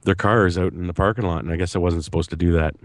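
A man with a deep voice tells a story in a casual, rambling way. He hesitates and hedges a lot, and his voice sounds dry and close. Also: fairly even intonation, fast talker, no room sound. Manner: rambling, hesitant, full of fillers. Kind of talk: casual chat.

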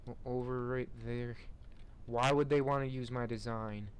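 A man's voice: medium pitch, steady tone, normal speed, clean tone. A young man giving casual, sarcastic commentary while playing a game, mocking what he sees and laughing in bursts. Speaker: gamer.

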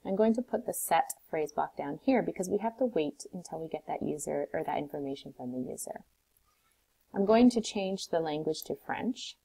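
A woman teacher calmly walking through a coding tutorial step by step, recorded on a desktop mic. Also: sits low, normal speed, gravelly, breathy edge, low-quality recording. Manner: calm, step-by-step instructions.

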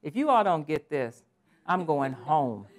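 A woman in her sixties giving a lively, playful conference presentation with exclamations and asides. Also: low-pitched, measured pace. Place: conference session room.

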